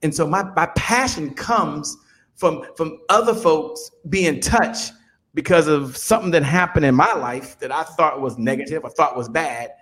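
A man in his fifties, a business guest on an interview show, telling stories in an animated motivational way and often repeating words as he builds up. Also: a little high, moderate pace. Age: 50s. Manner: animated storyteller, repeats words when excited.

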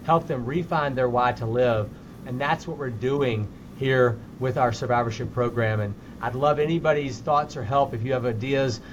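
A middle-aged male doctor speaks earnestly in an interview, doubling back on his opening words. His voice sits at an ordinary pitch. The sound is slightly muffled, with a faint hiss behind it over the call. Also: moderate pace. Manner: sincere, repeats words when starting sentences. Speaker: physician guest.

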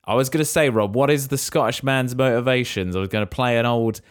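A man's voice: mid-range voice, fairly quick. A man co-hosting a podcast, reacting in casual chat with joking, wry asides. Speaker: podcast co-host.

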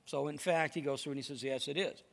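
A man preaching a lively, emphatic sermon to a congregation. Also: a little high, fast talker, creaky. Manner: lively storytelling, animated and emphatic.

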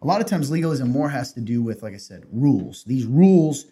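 A man's voice: medium pitch, big pitch swings, brisk, dark tone. A man co-hosting a casual faith podcast, earnestly explaining church teaching in conversation. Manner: earnest, explaining, reads scripture aloud. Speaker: podcast co-host.

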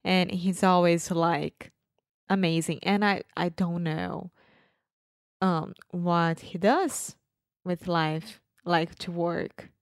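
Woman, slow, lowish voice. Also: level tone, no room sound, studio quality. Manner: repeats words, simple phrasing. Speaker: podcast co-host. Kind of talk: casual chat.

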